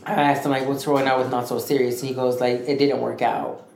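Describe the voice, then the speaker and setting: A man co-hosting a podcast, telling a story in a rambling, animated way and acting out what others said. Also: medium pitch, fairly quick, gravelly. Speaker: podcast co-host. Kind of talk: casual storytelling chat. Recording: echoey room with faint noise.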